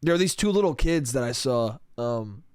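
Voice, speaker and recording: A man's voice: mid-range voice, expressive, moderate pace, a little mellow, clean tone, no room sound, clean studio sound. A young man hosting a solo podcast, rambling crudely and laughing at his own jokes. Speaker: podcast host.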